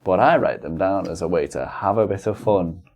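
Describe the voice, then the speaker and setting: A man's voice: low voice, moderate pace, a little mellow. A man co-hosting a podcast in joking, casual chat, playful and silly. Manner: playful, silly, putting on goofy voices. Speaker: podcast co-host.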